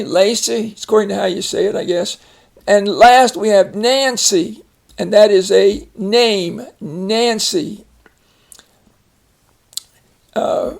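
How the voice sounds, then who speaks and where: A man giving a phonics lesson at his computer, reading out each word slowly and explaining it with an example sentence. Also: high-pitched, creaky. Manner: deliberate, stretches out each target word, then explains. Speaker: reading teacher. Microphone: computer voice-over over a screen recording.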